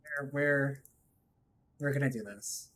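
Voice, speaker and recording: A woman's voice: a bass voice, takes it slowly. A woman streaming a video game live, chatting casually to her viewers in a rambling way, often repeating herself and breaking into laughs. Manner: rambling, laughing, self-interrupting. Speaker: VTuber streamer.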